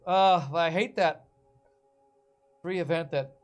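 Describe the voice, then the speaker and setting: A man's voice: fairly high pitch, slow, clean tone, soft background music. A man casually commenting on his own gameplay on a live stream, thinking aloud and answering viewers. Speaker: game streamer.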